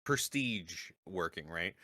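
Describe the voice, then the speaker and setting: Low, bright-voiced man stammering along. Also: expressive, takes it slowly, no room sound, clean studio sound. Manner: hesitant, stammering, sympathetic, musing. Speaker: podcast co-host. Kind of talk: casual podcast chat.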